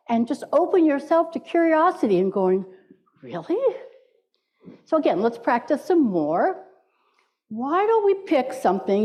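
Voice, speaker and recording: Woman minister, playful sermon, slightly high voice, church sanctuary, muffled recording. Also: warm tone. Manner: playful, invites congregation to repeat words.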